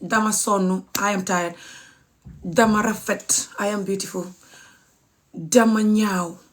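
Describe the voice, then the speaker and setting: A woman's voice: medium pitch, steady tone, slow pace. A woman giving a casual language lesson on social media, talking to her viewers, repeating words and spelling them out letter by letter. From Gambia. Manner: chatty, addresses viewers as guys. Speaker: language teacher.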